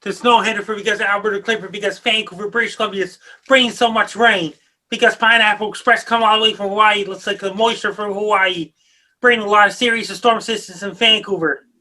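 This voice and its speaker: A man from Nova Scotia co-hosting, giving weather forecasts in rapid, broken phrases. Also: high voice, fairly even intonation, sharp tone. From Nova Scotia, Canada. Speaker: co-host.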